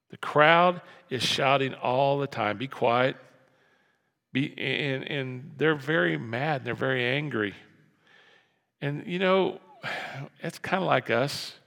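A man preaching a sermon as pastor, animated, repeating his phrases and acting out voices from the story. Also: mid-range voice, creaky. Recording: long hall reverb.

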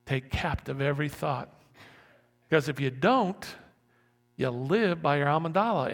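Gravelly pastor preaching in an echoing hall. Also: male voice, fairly high pitch, animated, normal speed. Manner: conversational, repeats words and restarts, acts out panicked inner voices. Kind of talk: sermon. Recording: long hall reverb.

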